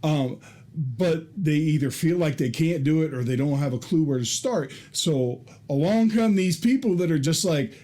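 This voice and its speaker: A man's voice: fairly high pitch, lively intonation, moderate pace, dark tone. A man hosting a podcast, agreeable and casual, backing up his guest with plenty of affirmations. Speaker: podcast host. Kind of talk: conversational interview.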